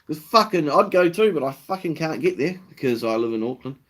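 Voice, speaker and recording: A man's voice: on the high side, animated, fairly quick, fairly bright tone. Laid-back New Zealand man streaming live. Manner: laid-back, swears freely, reads out viewer comments. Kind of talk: casual live-stream chat.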